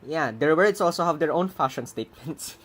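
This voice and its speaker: With a brisk, expressive mid-range voice, a programmer streams their own coding and debugs out loud. The commentary is casual and rambling, dotted with chuckles and muttering, and typing is heard behind.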